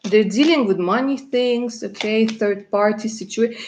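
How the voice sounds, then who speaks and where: A woman's voice: on the high side, normal speed, a little mellow, a little hiss or hum. Russian woman reading tarot live, chatty. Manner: chatty, laughing, calls viewers darling. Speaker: tarot reader.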